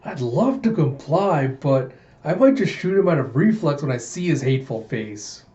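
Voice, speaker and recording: A man's voice: a little high, sing-song, normal speed, warm tone. A man voicing a blunt young female cyborg warrior in a manga readthrough, in his plain reading voice. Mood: wry. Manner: plain reading voice, barely changed. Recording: muffled, roomy home recording.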